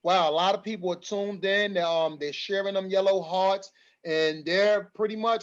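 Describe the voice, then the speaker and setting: High-voiced man hosting a community meeting. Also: fairly even intonation, moderate pace, lo-fi sound. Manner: emotional, rallying, repeats phrases. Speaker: community forum host.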